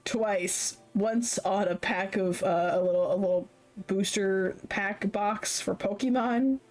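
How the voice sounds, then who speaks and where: A woman's voice: mid-range voice, steady tone, slow pace, a little mellow, faint music behind. A woman in her late twenties chatting casually on a live stream, rambling, laughing often and swearing freely. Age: late 20s.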